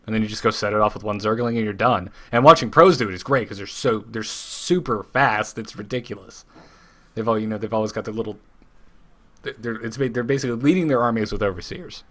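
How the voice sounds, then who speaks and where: A man hosting a casual podcast, talking with enthusiasm and quick jokes. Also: on the low side, fairly bright tone. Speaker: podcast host.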